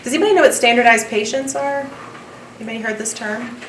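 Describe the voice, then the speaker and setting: A woman with a Southern US accent, a theatre professor giving a lively, chatty lecture and talking with her audience. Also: on the high side, quick pace, slight background noise. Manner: chatty, animated, laughs often. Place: lecture hall. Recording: echoey lecture hall, distant mic.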